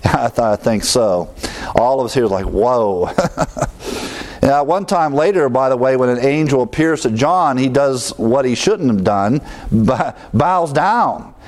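A man's voice: mid-range voice, lively intonation, a little slow. Man, pastor type, teaching scripture conversationally, off-the-cuff asides. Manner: conversational, with fillers and asides, chuckles at own remarks. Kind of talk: Bible teaching sermon.

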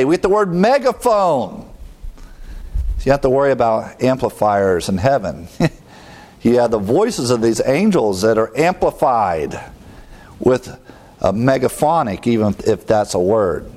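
A man teaching a Bible study verse by verse, with asides and quick jokes. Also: mid-range voice, a little mellow.

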